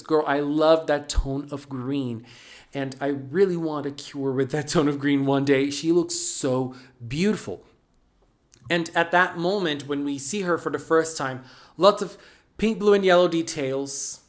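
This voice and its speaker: A channel host giving a casual, chatty recap of an anime episode, playful and lively, with sassy asides. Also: medium pitch.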